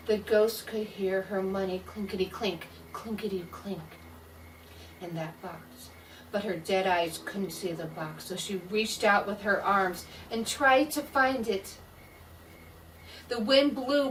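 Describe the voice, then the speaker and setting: A woman reading a scary story aloud in a slow, dramatic way, voicing the sound effects herself. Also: medium pitch, a bit bright, distant mic, slight background noise, rough recording. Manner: slow spooky delivery with voiced sound effects.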